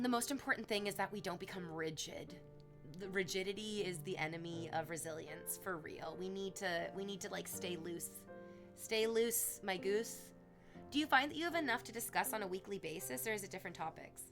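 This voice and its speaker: A woman's voice: medium pitch, fairly quick, a bit bright. A woman livestreamer chatting casually to her viewers, rambling and gushing, at times cooing baby talk to her cat. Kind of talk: casual chat to stream chat. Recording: music playing clearly behind her.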